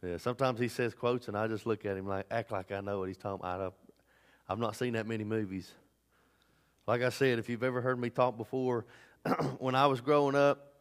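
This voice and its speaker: A man preaching a sermon as pastor, swinging between loud emphatic bursts and low asides. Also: clean tone. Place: church sanctuary. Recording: long hall reverb.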